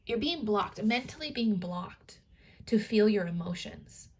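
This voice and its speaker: A woman's voice: mid-range voice, animated, a little slow, slight background noise. Rambling, casual young woman tarot reader. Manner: rambling, heavy on filler words, swears casually. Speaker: tarot reader and spiritual coach.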